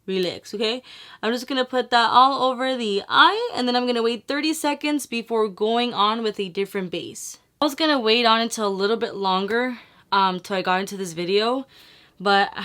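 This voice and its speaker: A woman's voice: medium pitch, pushed and bright. A woman beauty vlogger talking casually through a makeup tutorial, chatty and rambling, with lots of slang and swearing.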